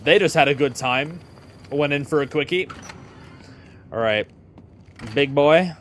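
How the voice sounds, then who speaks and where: A man's voice: mid-range voice, moderate pace, long pauses, slight background noise. A young man giving jokey, chatty commentary while streaming a video game. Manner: jokey, chatty, laughs often. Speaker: gaming streamer. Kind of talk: casual gaming commentary.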